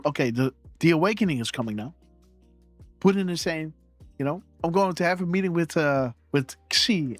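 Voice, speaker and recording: A man's voice: on the high side, a bit bright, no echo. A man hosting a live stream, rambling through casual commentary and often asking his viewers "right?". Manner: rambling, keeps asking "right?" and "okay, guys". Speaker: livestream host.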